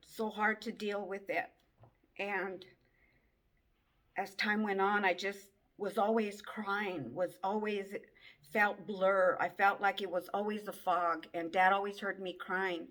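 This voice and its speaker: Woman, mid pitch, slow, halting and tearful, telling her own testimony. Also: level tone, fairly bright tone. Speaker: person giving a personal testimony. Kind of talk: emotional personal testimony.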